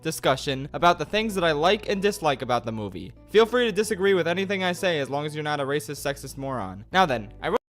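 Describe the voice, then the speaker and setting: A man's voice: a little high, sing-song, fast talker, few pauses, a bit bright. A man narrating scripted video commentary, played back as a clip. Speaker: video essayist. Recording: played clip with background music.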